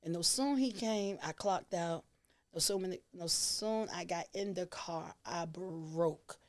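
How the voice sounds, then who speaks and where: A woman's voice: fairly low pitch, takes it slowly. A woman, a guest on an interview show, telling stories animatedly and laughing often. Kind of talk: casual interview chat.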